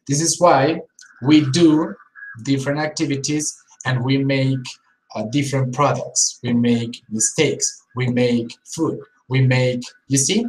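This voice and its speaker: On a live-streamed English lesson, a teacher slowly models pairs of words, repeating them to show the contrast, and talks with viewers in the chat. The mid-range voice sounds roomy in a low-quality recording.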